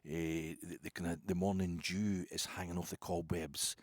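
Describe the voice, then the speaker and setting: A man's voice: deep voice, little pitch movement, moderate pace, no room sound. A Scottish man hosting a podcast, telling a rambling, self-mocking holiday story. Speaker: podcast host. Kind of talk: casual storytelling monologue.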